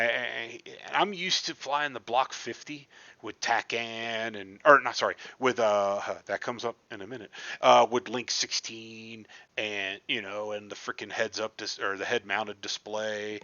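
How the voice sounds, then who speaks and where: A man's voice: fairly low pitch, sharp tone, no echo, highs cut off. A man telling a casual, self-deprecating story about his flight sim session, rambling and swearing freely. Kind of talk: casual storytelling over gameplay.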